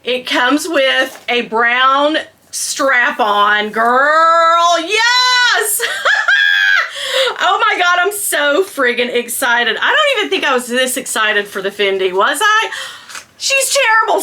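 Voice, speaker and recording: A gushing middle-aged woman chatting to her viewers in a bright, ringing voice. She talks slowly, and her pitch leaps all over the place, from squeals to low muttered asides. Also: big pitch swings. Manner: drops into whispered asides. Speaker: vlogger. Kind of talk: casual unboxing chat.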